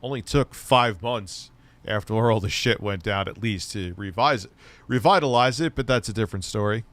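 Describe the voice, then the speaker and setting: Casting: male streamer, lowish pitch, blunt sarcastic ranting, swears freely, a little stoned. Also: moderate pace, fairly bright tone, dry recording. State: stoned, voice lower than usual. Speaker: streamer and tech commentator. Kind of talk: casual profane live-stream chat.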